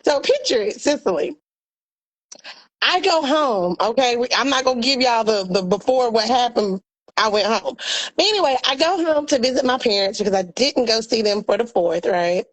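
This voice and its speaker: Animated woman telling a family story. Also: fairly high pitch, moderate pace, low-quality recording. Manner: animated, acts out family members' voices. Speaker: podcast co-host. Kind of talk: casual storytelling.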